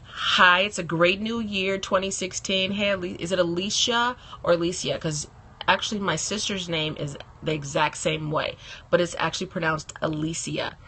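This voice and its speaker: Woman chatting on a phone live stream, bright gravelly voice, a bit raspy, laughs a lot. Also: on the low side, steady tone, moderate pace, a little hiss or hum. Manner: chatty, laughs often, greets viewers by name. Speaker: beauty blogger hosting a live stream. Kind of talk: casual live-stream chat.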